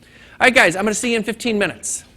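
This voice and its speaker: A man's voice: high-pitched, fast, bright, forceful tone. A man teaching a hands-on data class at a conference training session, talking casually to the room and telling a corny joke. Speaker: training instructor. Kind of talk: classroom lecture.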